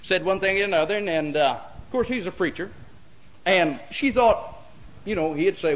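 A man's voice: high-pitched, expressive, moderate pace, poor audio. A man preaching a sermon in a folksy, repetitive way, calling out for amens. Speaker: pastor.

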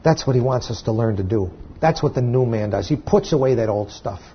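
A man's voice: mid-range voice, lively intonation, fairly quick, highs cut off, a little hiss or hum. A man preaching a sermon to his church, talking in a conversational way with restarts and sudden emphatic peaks. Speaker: pastor.

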